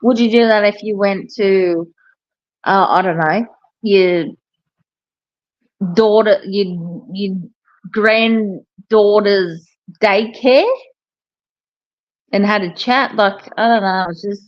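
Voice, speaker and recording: A woman, a hairdresser chatting casually and telling animated stories, with plenty of swearing. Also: medium pitch, takes it slowly, long pauses, no room sound, dull audio. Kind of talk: casual chat.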